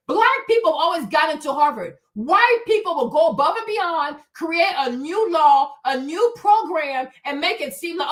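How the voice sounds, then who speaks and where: A woman with a high voice hosts a livestream commentary. She rants hotly and profanely, driving each point home by repeating it. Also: expressive, unhurried, hardly any pauses, fairly bright tone. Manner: profane, heated, emphatic repetition. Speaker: show host.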